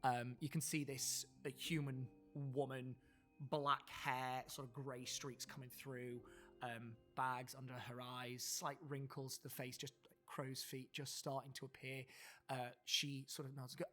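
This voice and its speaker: A game master narrating a tabletop role-playing game in a descriptive, unhurried way with fillers. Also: mid-range voice, little pitch movement, fairly bright tone, soft background music.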